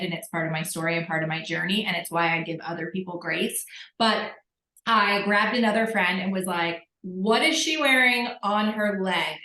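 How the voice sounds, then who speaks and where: A woman's voice: lowish voice, sharp tone, roomy sound, rough recording. A woman telling her story candidly on a group call, acting out what people said. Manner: candid, self-mocking storyteller who acts out quotes.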